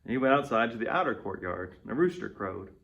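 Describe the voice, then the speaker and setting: A man's voice: mid-range voice, sing-song, brisk, creaky, fairly bright tone, muffled recording. A man reading scripture and reflecting on it as a devotional speaker. He talks in a conversational way and often checks in with "right?". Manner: conversational, tags points with "right?".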